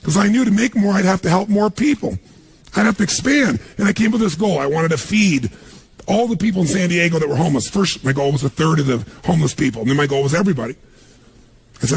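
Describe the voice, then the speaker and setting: A man giving a motivational seminar talk on stage, energetic and punchy, firing questions at a live audience. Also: fairly high pitch, quick pace, gravelly, breathy edge. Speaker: motivational speaker.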